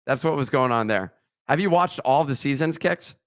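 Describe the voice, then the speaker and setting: During a casual podcast chat, the host reads a sponsor ad, tossing in joking asides and tripping over a few words. He has a mid-range, animated voice at a normal speed, with no echo.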